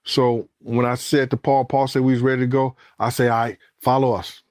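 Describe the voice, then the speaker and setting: Animated, cursing storyteller man, dry sound. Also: mid-range voice, normal speed, dry recording. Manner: acts out quoted lines, cursing, rising to shouts when excited. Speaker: interviewee telling a story.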